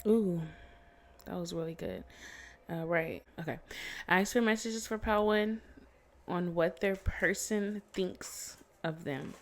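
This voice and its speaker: A woman's voice: lowish voice, animated, slow, a little hiss or hum. A woman giving a casual tarot reading, chatty and blunt, swearing freely and laughing often. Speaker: tarot reader. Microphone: phone.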